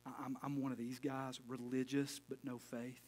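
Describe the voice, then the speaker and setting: A man's voice: medium pitch, level tone, normal speed, darkish tone, soft background music. A middle-aged man preaching a casual sermon as pastor, folksy and full of joking asides.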